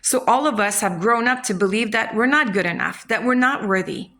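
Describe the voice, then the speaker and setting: A woman's voice: a little high, brisk, sharp tone. A woman hosting a self-help channel, speaking in a frank, casual motivational talk, swearing freely and acting out people's inner voices.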